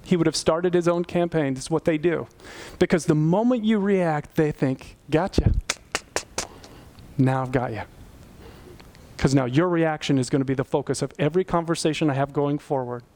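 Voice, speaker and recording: Pastor guy preaching, kinda high voice, tells a story and gets pleading and intense. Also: a little fast, darkish tone. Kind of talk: sermon.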